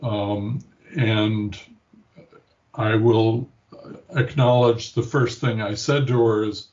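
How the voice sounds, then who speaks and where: Older man, grandfather, interview guest, slow reflective storytelling, dull recording. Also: on the low side, level tone, a little mellow. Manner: slow, reflective, acts out quoted voices.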